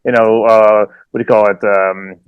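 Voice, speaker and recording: Laughing, animated podcast guy. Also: lowish voice, moderate pace, clean tone, dry recording, highs cut off. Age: adult with children. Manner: animated, laughs often, slips into silly voices. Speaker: podcast co-host. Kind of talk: casual chat.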